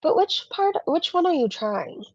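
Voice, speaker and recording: A woman's voice: sits high, big pitch swings, a little slow, a little mellow, dry recording, highs cut off. A woman hosting a casual live-stream commentary, chatty and rambling as she reads super chats. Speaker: commentary channel host.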